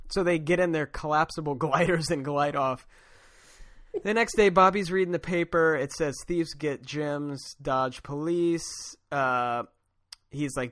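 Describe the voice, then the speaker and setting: A man's voice: fairly high pitch, moderate pace, a bit bright, no room sound, clean studio sound. Chatty man recapping a comic. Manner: chatty, laughs often, acts out quotes loosely. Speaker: podcast co-host. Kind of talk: casual chat recapping a comic story.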